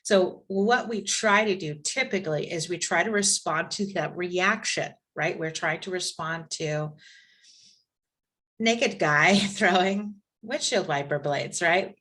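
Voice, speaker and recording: Woman instructor, bright clear voice, chatty storytelling teacher on a video call. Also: lowish voice, takes it slowly. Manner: conversational, lively storytelling with asides. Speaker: class instructor. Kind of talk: live online class.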